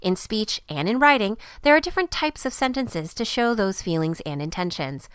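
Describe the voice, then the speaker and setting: A woman reading a scripted grammar lesson with a clear, even teaching delivery. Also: medium pitch, normal speed, dry recording, studio quality. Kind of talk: scripted narration.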